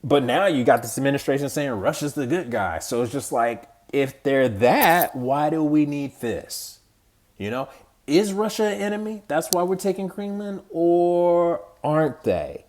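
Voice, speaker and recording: A man's voice: a little high, lively intonation, a little slow, darkish tone. A man from the United States giving casual, exasperated political commentary as a podcast host, rambling with slang and frequent restarts.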